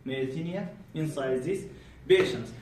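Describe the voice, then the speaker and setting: A man teaching a bedside clinical exam to students, animated and quizzing them repeatedly. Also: fairly high pitch, measured pace. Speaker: medical exam tutor. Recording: roomy, distant, faint background hum.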